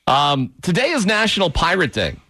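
Animated joking sports radio host, bright voice. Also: male voice, sits high, no echo, clean studio sound. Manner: joking, animated, quick asides. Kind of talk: casual radio banter.

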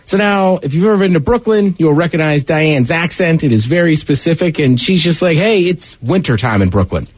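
A man hosting a talk show in casual banter, chatty and animated as he tells stories and sets up clips. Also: a little high, fairly quick, hardly any pauses. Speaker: radio show host.

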